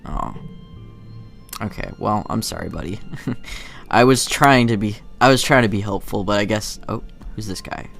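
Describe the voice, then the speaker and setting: Man with a gravelly voice narrating a game. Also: fairly low pitch, moderate pace, pauses often, fairly bright tone, faint music behind. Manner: chatty, self-deprecating, giggly. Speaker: gaming channel host. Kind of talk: casual game playthrough commentary, reading text aloud.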